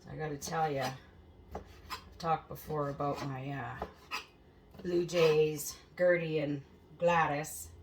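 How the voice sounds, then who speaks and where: Woman, lowish voice, chatty and foul-mouthed, home kitchen, noticeable background noise. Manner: chatty, swears freely, laughs at her own stories. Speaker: home cooking show host. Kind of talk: casual cooking chat.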